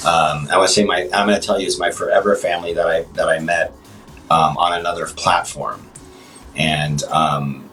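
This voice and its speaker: A man talking as a guest on a livestream chat show, speaking haltingly with many restarts and fillers. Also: deep voice, pushed and bright, far from the mic, low-quality recording. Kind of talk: casual interview chat.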